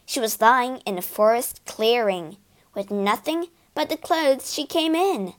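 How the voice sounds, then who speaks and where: A woman reading a fairy tale aloud slowly and expressively, giving the characters voices. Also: fairly high pitch, lively intonation. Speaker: storyteller. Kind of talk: scripted narration of a fairy tale.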